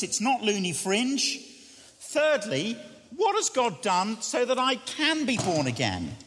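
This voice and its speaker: A man delivers a sermon earnestly and questioningly, repeating his key phrases. His high, fairly bright voice swings widely in pitch, and a long church reverb surrounds the sound.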